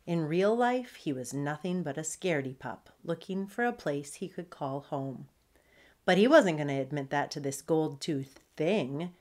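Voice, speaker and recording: A woman author reads her children's chapter book aloud, an expressive storyteller. Her voice sits on the lower side, yet her intonation rises and falls with great liveliness. She takes a slow, deliberate pace.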